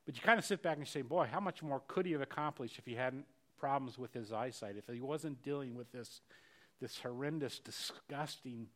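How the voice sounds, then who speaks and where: A middle-aged male pastor preaching a sermon earnestly, repeating words and swinging between loud rises and quiet passages. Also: medium pitch, normal speed.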